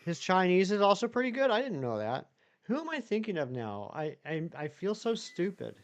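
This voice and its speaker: Chatty man streamer, smooth and higher. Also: very animated, moderate pace. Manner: rambling, chatty, reads chat aloud and answers it. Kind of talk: casual live-stream chat.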